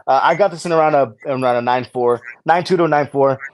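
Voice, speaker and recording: A man co-hosting a live comic book claim sale, laughing often and swearing casually as he pitches books. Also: fast. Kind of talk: casual live-stream banter and sales.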